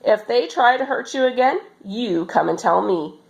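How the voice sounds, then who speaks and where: A woman voicing a bold, cheerful, strong little girl in a storybook reading, with a bright, playful, exclaiming manner. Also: fairly high pitch, lively intonation, moderate pace, gravelly, voice pushed up, poor audio.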